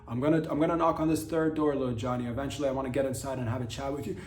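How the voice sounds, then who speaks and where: Guy doing a soft coaxing worried dad, kinda earnest, echoey room. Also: mid-range voice, steady tone, rapid-fire, natural voice. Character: earnest, concerned middle-aged dad.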